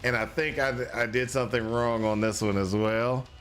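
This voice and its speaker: A man's voice: medium pitch, steady tone, normal speed, fairly bright tone, faint music behind. A man streaming a game, giving casual, rambling commentary full of restarts and exasperated exclamations. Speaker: gaming streamer.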